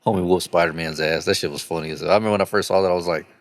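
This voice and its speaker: A man's voice: low-pitched, steady tone, rapid-fire. A man co-hosting a comedy podcast, telling rambling, profane stories in casual chat. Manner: profane, rambling storytelling with laughs. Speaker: podcast co-host.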